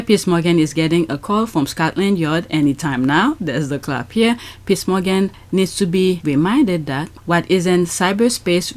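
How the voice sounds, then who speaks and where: A woman's voice: on the low side, darkish tone. Chatty woman reading tweets aloud. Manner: chatty, many fillers, reads aloud and comments. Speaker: commentary channel host.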